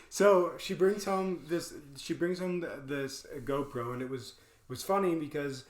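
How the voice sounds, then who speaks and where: Over a loud crowd, a man co-hosting a podcast tells a story slowly in a fairly high voice. The room echoes as he chats casually, laughs a lot, and animatedly acts out what people said.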